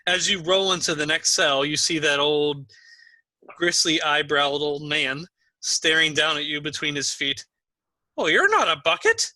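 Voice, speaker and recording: A man's voice: fairly high pitch, little pitch movement, measured pace, sharp tone, dry recording. A man narrating a tabletop game as game master, casual and laughing easily.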